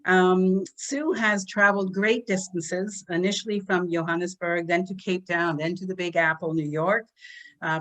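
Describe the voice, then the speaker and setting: A woman with a fairly low voice introduces a guest speaker at an online business event. She speaks warmly and with feeling, often close to tears. The sound comes through a computer mic on a video call. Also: rough recording. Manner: warm and emotional, chokes up. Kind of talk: online business network presentation.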